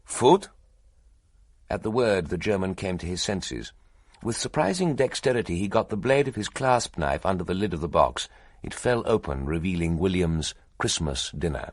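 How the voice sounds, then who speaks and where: Deep-voiced expressive male narrator. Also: no room sound, clean studio sound. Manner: expressive, measured storytelling. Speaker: audiobook narrator. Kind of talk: scripted narration.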